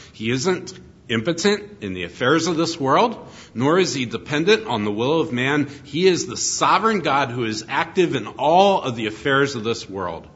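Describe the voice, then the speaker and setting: A man's voice: medium pitch, fairly bright tone, lo-fi sound. A middle-aged man preaching an expository sermon, earnest and emphatic, asking his listeners rhetorical questions. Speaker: pastor.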